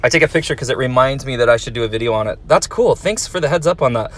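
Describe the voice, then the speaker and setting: A man's voice: medium pitch, animated, very fast, a bit bright, slight background noise. A man who teaches, reading viewer comments aloud and answering them in a friendly, encouraging way for young fans. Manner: friendly, encouraging, talks to kids.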